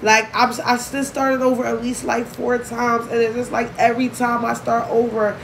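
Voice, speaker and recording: A woman's voice: fairly high pitch, little pitch movement, gravelly, slight background noise, poor audio. A young woman talking candidly and emotionally to her vlog audience, swearing freely as she speaks. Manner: candid, emotional, profane, fast-shifting. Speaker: vlogger. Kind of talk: emotional casual vlog talk.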